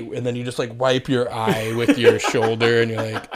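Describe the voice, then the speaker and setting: A young adult man co-hosting a podcast, telling stories in a casual, profane, animated way. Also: mid-range voice, fairly quick. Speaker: podcast co-host. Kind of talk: casual chat.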